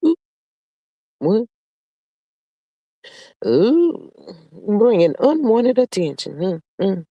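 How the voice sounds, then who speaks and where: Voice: medium pitch, big pitch swings, slow pace, long pauses, mellow, dry recording, clean studio sound. A live stream host in casual gossip chat, reading viewer comments aloud in a sassy, drawling way, sprinkling in "child" and "honey" with sing-song hums.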